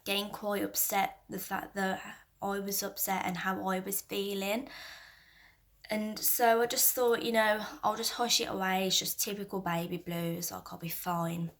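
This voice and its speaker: A young woman in her twenties, a mother talking candidly to camera, soft-spoken and halting with many restarts, close to tears at times. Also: mid-range voice. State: emotional, near tears at times. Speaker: mother and vlogger. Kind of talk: candid personal talk to camera.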